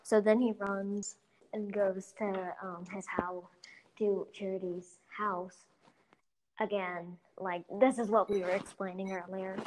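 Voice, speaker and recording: A woman's voice: medium pitch, little pitch movement, slow pace, a little mellow, slight background noise. A woman casually retelling a movie's plot in a rambling way, full of "like" and "blah blah". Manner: rambling, filler-heavy retelling with lots of "like" and "blah blah". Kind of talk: casual chat.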